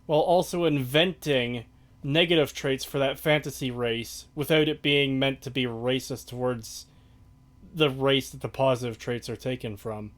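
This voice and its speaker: A man's voice: mid-range voice, steady tone, normal speed, fairly bright tone. A man hosting a casual stream chat, sarcastic and rambling. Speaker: stream host.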